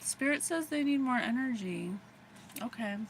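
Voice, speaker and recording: A woman's voice: high-pitched, animated, normal speed, gravelly, noisy background. An American woman giving a casual livestream psychic reading, bubbly and rambling, often giggling. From USA. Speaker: psychic reader.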